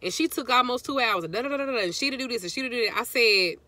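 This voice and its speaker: A woman's voice: on the high side, expressive, racing, bright, forceful tone, no room sound. A middle-aged woman, telling a rambling story to her viewers and greeting them between sentences. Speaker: vlogger.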